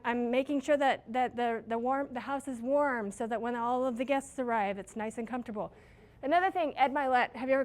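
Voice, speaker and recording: Chatty woman leading a staff training talk. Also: on the high side. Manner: casual, chatty, self-deprecating with stories. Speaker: restaurant manager.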